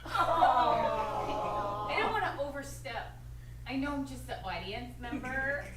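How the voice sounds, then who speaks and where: A woman's voice: a little high, lively intonation, slow. A woman voicing a rambling, over-apologetic audience member in an improv comedy scene. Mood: sheepish. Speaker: improv performer. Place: live comedy stage. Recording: echoey stage from far off, noisy.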